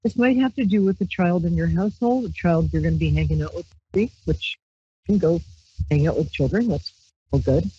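A brisk Brooklyn woman with a fairly low, warm, slightly rough voice reads tarot cards on a handheld mic as host of a psychic call-in radio show. She rambles and chats playfully, punctuated by squealed exclamations, on dull, dry lo-fi stream audio.

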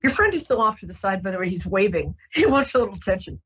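A woman hosting a psychic radio show, talking gently and reassuringly with many ums and restarts. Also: medium pitch, big pitch swings, fast, husky, muffled recording. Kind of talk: casual radio psychic reading.

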